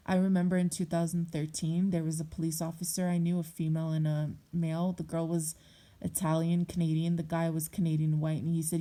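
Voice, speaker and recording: A woman's voice: low voice, little pitch movement, fairly quick, warm tone. A young adult woman vlogger speaking bluntly and heatedly in a personal monologue, swearing often.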